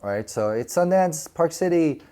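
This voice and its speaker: A man in his forties telling stories casually in a podcast interview, animated and laughing often as he acts out quoted voices. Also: a little high, measured pace. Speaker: actor and podcast host.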